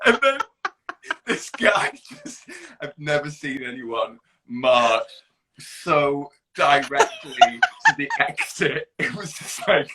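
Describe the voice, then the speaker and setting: A man's voice: a little high, noisy background. A young man co-hosting a casual podcast chat, telling an anecdote animatedly and laughing hard along the way. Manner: animated, slow, laughs while telling stories. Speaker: podcast co-host.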